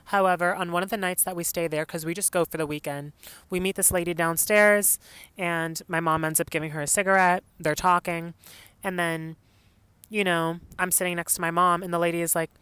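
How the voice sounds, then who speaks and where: A man's voice: high-pitched, steady tone, fairly quick, sharp tone, clean tone, no room sound. A young man from Los Angeles telling a personal story on his podcast, casual and full of "like" and "you know". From Los Angeles, California. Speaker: podcast host.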